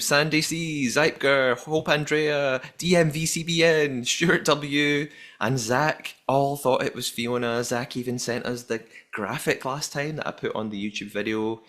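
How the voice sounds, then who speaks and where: A man's voice: mid-range voice, fairly bright tone. A man hosting a podcast, chatting casually and reading out listener messages. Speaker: podcast host. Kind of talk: casual recap chat.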